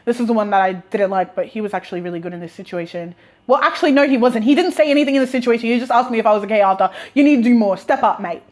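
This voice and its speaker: A young woman in her twenties telling stories in a chatty, animated, slangy way, with laughs and restarts. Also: a little high, racing. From Australia. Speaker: vlogger. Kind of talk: casual storytime.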